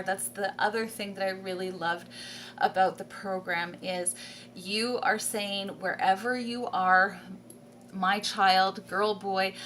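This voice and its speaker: A woman's voice: medium pitch, a bit bright, a little hiss or hum. A homeschooling mother talking casually to camera, enthusiastic, repeating words for emphasis and laughing often mid-sentence. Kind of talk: casual vlog talk to camera.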